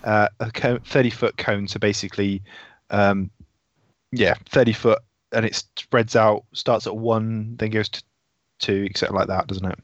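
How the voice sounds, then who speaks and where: A man's voice: on the low side, level tone, moderate pace, no room sound, lo-fi sound. A man playing in a tabletop game, thinking aloud about the rules in casual chat. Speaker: player.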